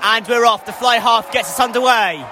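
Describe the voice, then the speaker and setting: A young man giving live, excitable rugby commentary from a stadium stand, his voice climbing into shouts at big moments. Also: very high voice, moderate pace, a crowd in the background, background noise. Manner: excitable, rising to shouts at scores. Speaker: match commentator.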